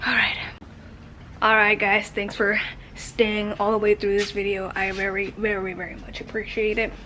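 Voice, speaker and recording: A woman's voice: medium pitch, level tone, normal speed, bright, forceful tone, slight background noise. A woman hosting her own cooking vlog outdoors in a backyard, talking in a rambling, chatty way and swearing casually. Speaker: cooking channel host.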